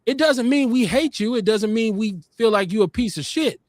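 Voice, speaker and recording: An emphatic man hosting a talk podcast, his voice sitting a little high for a man. He tells stories with animated force, and the sound is close and dry with no room in it. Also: moderate pace, no room sound. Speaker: podcast host. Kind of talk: casual debate talk.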